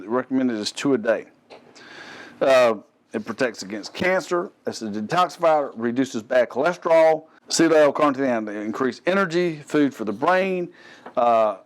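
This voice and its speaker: A middle-aged man with a Southern American accent, hosting a fitness show and chatting casually about a product with joking asides. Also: medium pitch. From Gulf Coast of the US. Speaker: host.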